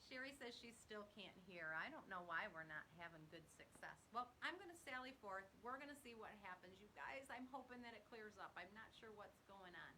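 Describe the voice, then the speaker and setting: A woman's voice: medium pitch, animated, fairly quick, hardly any pauses, sharp tone, slight background noise, low-quality recording. A woman hosting a live stream, chatting casually and greeting her viewers one by one by name in an upbeat, bubbly way.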